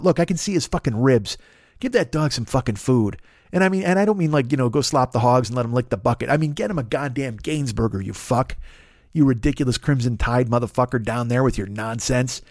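Podcast host, man, profane comic rant, mid pitch, dead-dry booth sound. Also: fairly quick, darkish tone, no room sound. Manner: angry, profane, mocking voices of others.

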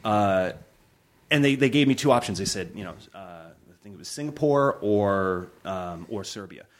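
A man in his forties, a film director telling stories in a casual chat, acting out quotes with big jumps in his voice. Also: moderate pace. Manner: animated storyteller, acts out quotes with big pitch jumps. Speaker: film director, podcast guest.

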